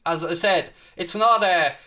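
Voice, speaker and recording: A man's voice: high voice, a little slow, pushed and bright. A man hosting a live football watchalong, ranting passionately and answering the chat. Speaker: watchalong host. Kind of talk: heated live football rant.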